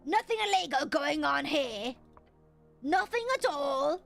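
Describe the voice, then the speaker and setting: A woman voicing a gruff, defiant older male dwarf foreman in a video game, reading his lines in character with a blustering, dismissive manner. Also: high voice, expressive, measured pace, fairly bright tone, soft background music, exaggerated voice.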